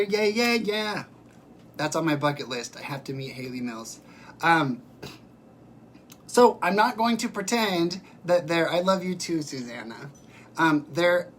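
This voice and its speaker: A man's voice: on the high side, a bit bright, slight background noise. A man hosting a casual livestream, reading out viewer comments and answering them by name in a chatty, emphatic way.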